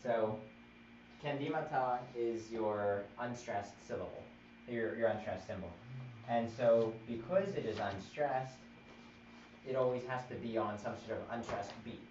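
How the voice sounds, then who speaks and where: A man's voice: mid-range voice, measured pace, darkish tone. A man teaching a chant theory class, patiently explaining and counting out beats. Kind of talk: live-streamed music theory class. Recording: roomy, distant, dull live stream with noise.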